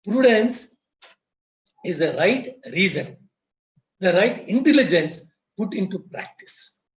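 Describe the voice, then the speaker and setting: A man's voice: sits high, expressive, slow pace. A man giving a storytelling lecture on a video call, telling parables and repeating key phrases for emphasis. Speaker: guest speaker at a lodge webinar. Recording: roomy, muffled webinar audio.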